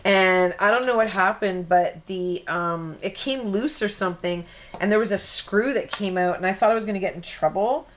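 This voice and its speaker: Woman, live craft host; loose, chatty, self-interrupting, quick to laugh. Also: medium pitch. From Canada. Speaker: card-making tutorial host. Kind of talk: casual chatty live tutorial.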